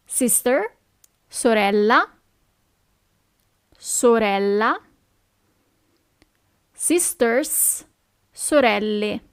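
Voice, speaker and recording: Woman, Italian accent, language teacher, slow careful repetition, dry close sound. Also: fairly high pitch, clear, resonant tone, no echo. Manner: repeats each word slowly and carefully, checks with "ok?". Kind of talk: slow, clear language lesson.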